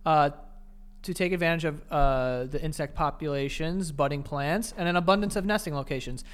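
A young man co-hosting a casual podcast chat, excitable and sweary, his voice leaping up when he gets outraged. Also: fairly high pitch, normal speed, clear, resonant tone. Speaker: podcast co-host.

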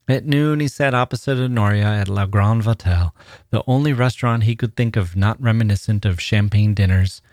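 Podcast host as narrator: man, low voice, measured literary reading, dry sound. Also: darkish tone, dry recording.

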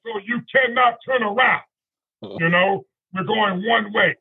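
High-voiced husky man spinning a yarn. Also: unhurried, phone-quality sound. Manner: rambling, full of "you know" and "right?". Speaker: guest storyteller. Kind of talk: casual anecdote on a radio talk show.

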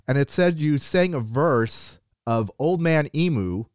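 Lively, chatty male interviewer. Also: a little high, measured pace, no echo, studio quality. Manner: chatty, laughs often. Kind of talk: casual interview chat.

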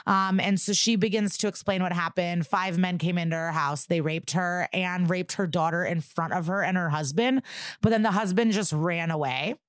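A woman's voice: fairly low pitch, normal speed, no room sound, clean studio sound. A young adult woman co-hosting a podcast, retelling a TV episode in casual chat with sarcasm and profanity. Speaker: podcast co-host recapping an episode.

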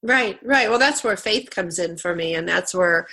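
A woman's voice: lowish voice, normal speed, pushed and bright, breathy edge. A middle-aged woman hosting a radio talk show, who has a cold and tells stories chattily, laughing often. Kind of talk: casual interview chat.

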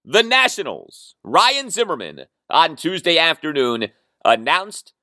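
A male sports podcast host with a bright, lively voice that jumps around in pitch. He delivers a solo monologue with emphasis and dry, sardonic asides, recorded close and dry with no room sound. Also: a little slow, no echo.

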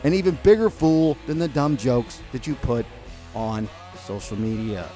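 An American man hosting a podcast, ranting sarcastically and scolding his listeners, at times in a mock calm, soothing voice. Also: medium pitch, moderate pace, faint music behind. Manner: sarcastic, scolding and exasperated, hurling insults; mock calm and soothing delivery that breaks into outbursts. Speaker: podcast host. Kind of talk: ranting opinion segment.

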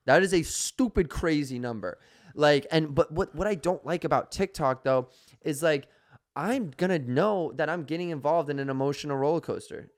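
A man in casual podcast chat, animated and rambling, full of fillers. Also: fairly high pitch. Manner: animated, rambling, filler-heavy, says bro.

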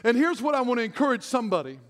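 Rapid-fire and very animated, a middle-aged man preaches a sermon as pastor in a very high voice. He tells stories at his own expense and laughs a lot. The large church hall gives the recording a long reverb.

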